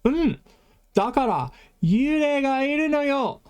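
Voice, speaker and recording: A teacher voicing an eager young male puppy student in a language lesson video, with a raised, higher voice as the student calmly explains things. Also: a little slow. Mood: matter-of-fact.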